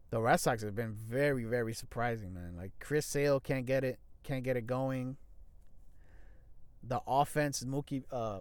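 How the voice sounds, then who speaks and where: A man's voice: medium pitch, no room sound. A young man in a casual sports talk show, blunt and profane, rambling with restarts and slang. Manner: frequent restarts and fillers, loose slangy grammar.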